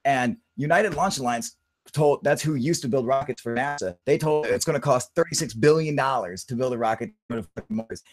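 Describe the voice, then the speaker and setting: A man's voice: mid-range voice, brisk, no echo. Man, live-stream host; casual, swearing, narrates his screen work; dry sound. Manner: loose, heavily profane, narrates his computer actions aloud.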